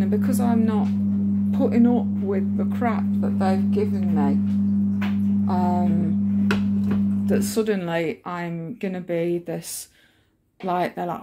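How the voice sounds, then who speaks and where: A woman's voice: mid-range voice, steady tone, measured pace, loud music behind the voice. Lady vlogging at home, fed up and ranting, swears a lot, rambles with ums. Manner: frustrated, ranting, swears freely, rambling with fillers. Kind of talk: casual vlog monologue.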